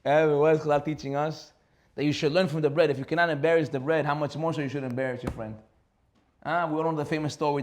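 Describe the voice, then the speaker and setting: A man, a rabbi, giving a sermon with animated storytelling, rhetorical questions and frequent laughs. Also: a little high.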